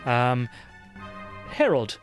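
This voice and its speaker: A man's voice: medium pitch, very animated, very slow, faint music behind. A man running a tabletop game as game master, narrating scenes at length with frequent ums and uhs.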